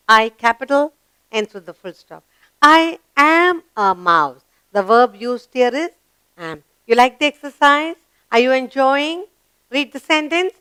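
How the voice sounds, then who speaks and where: Woman teacher, Indian English accent, slow and encouraging for small kids, smooth voice, dry close recording. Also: sits high, pushed and bright, no room sound. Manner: encouraging, asks questions and answers them herself; drawn-out, sing-song reading of sentences. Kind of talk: slow grammar lesson for young children.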